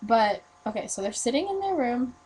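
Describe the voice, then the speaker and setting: A woman's voice: on the high side, very animated, darkish tone, husky, low-quality recording. Chatty teen girl telling a ghost story. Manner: rambling, filler-heavy ghost story with quick self-corrections. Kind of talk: casual video reply storytelling. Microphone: webcam mic.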